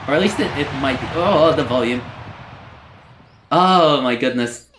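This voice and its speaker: A streamer commentating live on a game, reacting excitably and chatting with viewers. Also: medium pitch, unhurried, roomy sound, noisy background.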